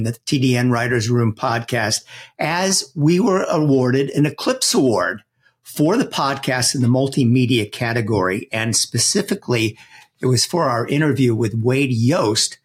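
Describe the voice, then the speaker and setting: A man hosting a podcast, giving conversational introductions and asking interview questions. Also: mid-range voice. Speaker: podcast host, correspondent.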